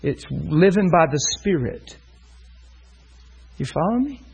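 A man's voice: fairly high pitch, very animated, takes it slowly, vocal fry, a little mellow, slightly rough, low-quality recording. A man preaching a sermon, telling a story and acting out the voices of the people in it. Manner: storytelling, acts out voices in quotes.

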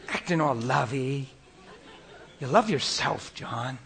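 Male preacher, lively sermon delivery, slightly higher voice, dramatic drops to a whisper. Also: normal speed, pauses often, some chatter behind. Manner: animated, swings from loud acted quotes to hushed whispers.

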